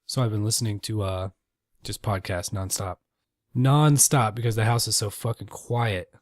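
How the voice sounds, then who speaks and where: A man's voice: fairly low pitch, normal speed, no echo, studio quality. A man hosting a casual solo podcast, rambling and swearing freely with self-deprecating asides. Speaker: podcast host.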